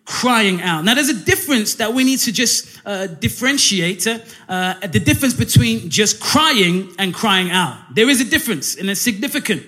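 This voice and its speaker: A young man preaching a lively, joking church sermon, often asking for amens, with many fillers. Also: high voice, moderate pace, hardly any pauses. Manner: energetic, jokey, calls for amens, many fillers. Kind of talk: church sermon with call and response.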